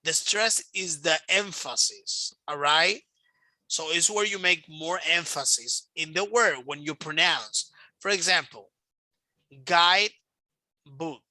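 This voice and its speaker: A man teaching English over a video call, his voice very bright and a touch high. He patiently repeats himself and sounds out words to show where the stress falls. The sound is dry and close. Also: a little slow, dry recording. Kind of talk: online one-on-one English lesson.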